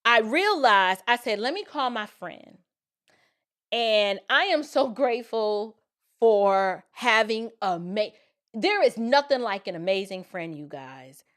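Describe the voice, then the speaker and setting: A show host, animated and slightly high-voiced, shares a personal story with her viewers, taking her time. When quoting people, she shifts into different voices.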